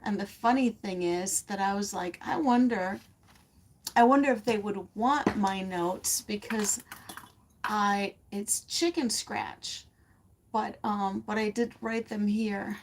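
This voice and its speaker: A woman giving a casual, rambling craft lesson from a home studio, laughing often as she chats with viewers. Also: mid-range voice. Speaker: art teacher.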